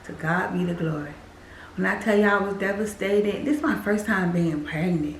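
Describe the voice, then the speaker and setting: A woman tells her own story in a casual testimony, addressing her viewers directly as a group. She leans on repetition to drive each point home. Her voice sits at an ordinary middle pitch and rings around a roomy, echoing space. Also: moderate pace, slight background noise. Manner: emphatic, repeats phrases for weight; speaks directly to viewers as "y'all". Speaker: faith vlogger sharing her testimony.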